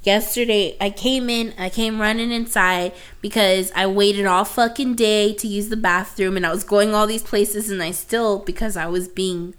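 A young woman chatting casually as a co-host, telling animated stories full of swearing and laughter. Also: medium pitch, normal speed, few pauses, clear, resonant tone. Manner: animated storyteller, swears often, laughs a lot. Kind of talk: casual chat.

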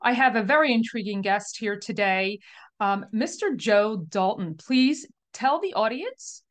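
A woman's voice: a little high, lively intonation, a little slow. A woman hosting a podcast, enthusiastic and effusive as she introduces a guest and asks questions. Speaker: podcast host. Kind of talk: upbeat podcast interview.

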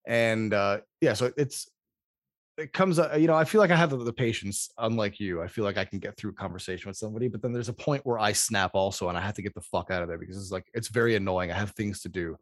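A man hosting a casual podcast, telling a rambling, profane story in an animated way. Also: on the low side, quick pace, no room sound, clean studio sound.

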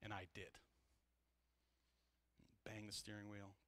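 A male pastor preaching a sermon, candid and animated, swinging between loud passages and hushed ones. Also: fairly low pitch, slow.

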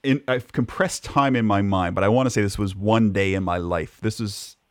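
A man co-hosting a podcast, telling animated anecdotes from his working life with many restarts. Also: fairly low pitch, moderate pace, no room sound, studio quality. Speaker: podcast co-host. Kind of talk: casual chat.

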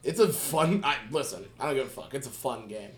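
A man's voice: mid-range voice, sing-song, fairly quick, echoey room. A young man hosting a podcast in casual chat, swearing freely, laughing often and restarting his sentences. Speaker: podcast host.

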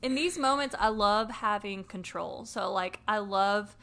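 A woman telling a personal story in a casual podcast chat, animated and swearing freely. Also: medium pitch, measured pace.

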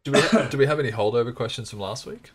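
A man's voice: medium pitch, very fast, slightly rough. A man co-hosting a podcast, talking things through in casual chat. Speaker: podcast co-host.

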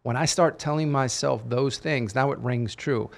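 A man's voice: mid-range voice, normal speed, vocal fry. A man co-hosting a podcast, talking in a casual, emphatic and motivational way. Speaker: podcast co-host. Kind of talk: casual chat.

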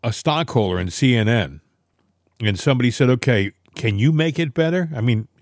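A male podcast co-host talks in a pointed, opinionated manner, pressing his points with emphasis. His voice sits at an ordinary middle pitch. The recording is close and dry, with no room sound. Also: lively intonation, a little fast, a little mellow, dry recording. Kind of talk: casual political chat.

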